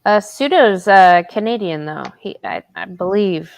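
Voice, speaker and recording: A woman hosting a casual voice chat, talking in a relaxed, halting way and sounding tired. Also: mid-range voice, gravelly. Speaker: host.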